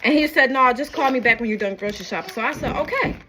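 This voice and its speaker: A woman vlogging while she cooks dinner, telling a story in a chatty, animated way and acting out both sides of a phone argument. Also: on the high side, rapid-fire, noisy background. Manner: repeats "you know what I'm saying", emphatic and faith-filled. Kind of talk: casual storytelling while cooking. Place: home kitchen. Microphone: phone camera.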